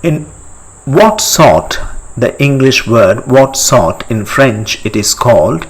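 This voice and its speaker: A man teaching a step-by-step language lesson, repeating each word slowly and quizzing the listener. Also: medium pitch, expressive, breathy edge, rough recording. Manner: slow, deliberate, repeats each word for practice; asks the listener questions and pauses for answers.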